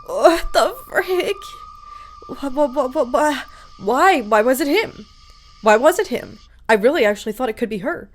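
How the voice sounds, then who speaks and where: A woman's voice: high voice, lively intonation, normal speed. A young woman reacting to a horror film for the first time, anxious and jumpy, gasping and muttering. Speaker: movie reaction host. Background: film soundtrack music.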